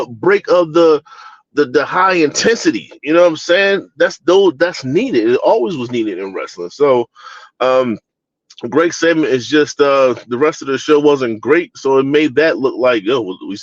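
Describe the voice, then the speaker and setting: A man's voice: a little high, no room sound, muffled recording. A man from Baltimore co-hosting a wrestling review show, talking in a casual, opinionated way with lots of fillers, restarts and mocking asides. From Baltimore, USA.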